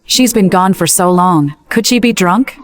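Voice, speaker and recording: An actress voices a businesswoman guest at a dinner, polite and curious. Her voice sits slightly low, and the lines are delivered as dubbed drama. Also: unhurried, a little hiss or hum, lightly acted.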